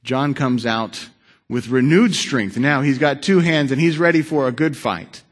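A man preaching a sermon, telling a story with dramatic shifts between loud and hushed delivery. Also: medium pitch, measured pace.

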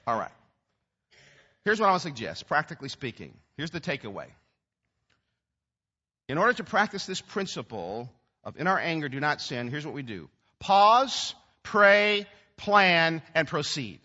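High, lively preaching man. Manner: animated, emphatic preaching. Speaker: pastor. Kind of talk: sermon. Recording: dull recording with long hall reverb.

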